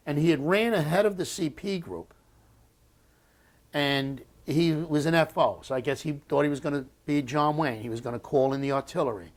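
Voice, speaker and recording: An American man in his sixties, a war veteran recounting memories in an oral history interview. He talks bluntly, swears often, and stops and restarts his sentences. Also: on the high side. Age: 60s. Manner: halting and blunt, with frequent restarts and profanity.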